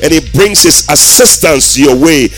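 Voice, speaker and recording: A man preaching a sermon as pastor, in a sing-song, emphatic delivery that rises to shouted declarations. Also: a little high, animated, measured pace, soft background music.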